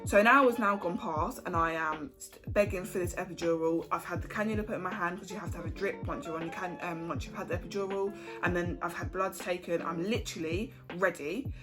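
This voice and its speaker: A woman's voice: fairly low pitch, brisk. A young woman telling her story in a frank, chatty way, swearing casually. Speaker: vlogger. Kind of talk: candid storytime chat. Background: background music.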